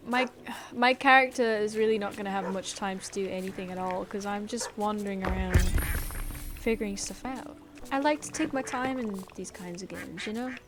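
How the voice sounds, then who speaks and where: A chatty woman talks through a video game as she plays, with a giggly, easygoing manner. Her voice sits in a middle register. Game music plays clearly behind her. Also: medium pitch, moderate pace. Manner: chatty, giggly, reads game text aloud. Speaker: gaming creator. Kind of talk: let's play commentary.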